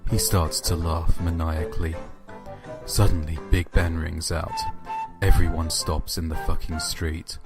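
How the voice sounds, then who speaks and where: A man's voice: rumbling low, level tone, unhurried. A man narrating horror stories and chatting casually, with a dry, offhand delivery and some swearing. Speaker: narrator and channel host. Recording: music playing underneath.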